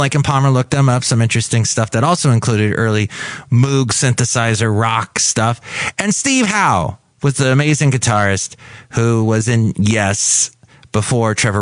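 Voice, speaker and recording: A man's voice: mid-range voice, fairly bright tone, no echo. A man hosting his own podcast, chatting in a rambling, digressive way and correcting himself as he goes. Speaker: podcast host. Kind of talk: rambling solo podcast chat.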